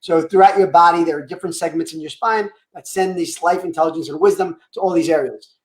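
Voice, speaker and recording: A woman speaking as a chiropractor on a live video call, at an ordinary mid pitch, heard in an echoey room. She talks emphatically and drives each point with rhetorical questions and a repeated "right?". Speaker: chiropractor guest. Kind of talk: health talk on a live stream.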